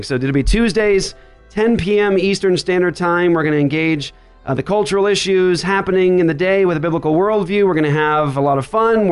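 A man hosting a Christian radio talk show from a makeshift studio, upbeat with quick banter. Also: a little high, smooth. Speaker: podcast host. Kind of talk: casual radio show chat. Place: makeshift studio writers' room.

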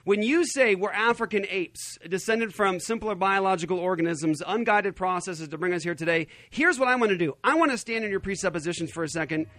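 Animated high-voiced male radio host. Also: brisk, hardly any pauses, no room sound. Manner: animated, emphatic, laughs often. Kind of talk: talk radio commentary. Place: radio studio.

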